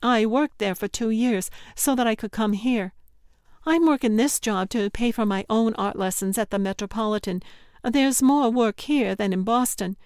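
A woman voicing an anxious young female art instructor with a hurried, pleading manner, in an audiobook. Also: a little high, darkish tone, clean tone, no echo, studio quality, natural voice.

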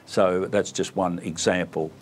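A man, speaking for a community radio station in a proud, measured interview manner. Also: low voice, fairly even intonation. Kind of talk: casual interview.

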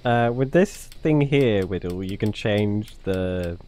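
A man streaming a ghost-hunting game and chatting with friends over voice chat, joking, swearing and protesting loudly. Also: lowish voice, animated, slow pace. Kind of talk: casual gaming voice chat.

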